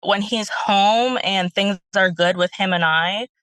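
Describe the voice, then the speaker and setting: A woman's voice: mid-range voice, measured pace, fairly bright tone, no room sound, rough recording. A young woman calling in as a stay-at-home mom, telling her story in a rambling way with many fillers. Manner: rambling, lots of fillers, retells quotes.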